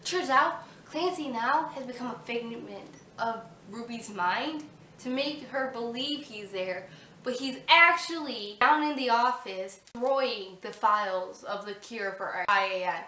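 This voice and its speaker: A woman chatting casually about a book she loved, retelling the plot excitedly with lots of "I'm like" asides. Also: a little high, a little slow. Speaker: book reviewer. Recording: roomy echo, distant mic.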